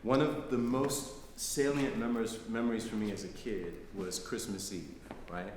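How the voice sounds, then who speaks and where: Middle-aged guy giving a chatty talk, lowish voice, big echoey hall, bit of noise. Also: fairly even intonation, moderate pace. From United States. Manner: conversational, frequent "right?" tags. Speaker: guest lecturer. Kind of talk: personal storytelling lecture. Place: lecture hall, live audience.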